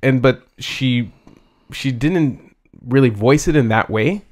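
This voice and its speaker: Halting man in casual chat. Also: medium pitch. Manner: halting, many fillers and restarts.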